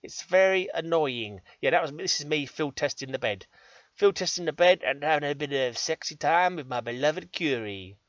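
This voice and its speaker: A man's voice: a little high, lively intonation, normal speed, a bit bright, no room sound, muffled recording. An English man rambling cheekily through gameplay commentary, joking at his own expense. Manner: cheeky, self-deprecating, chatty. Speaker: gaming channel host.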